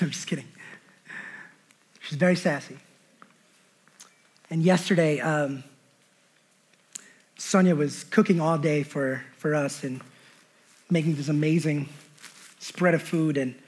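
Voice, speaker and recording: A man preaching in church uses a husky, rather high voice, speaking unhurriedly with frequent pauses. His sermon builds emphatically, then drifts into laid-back storytelling with quoted dialogue.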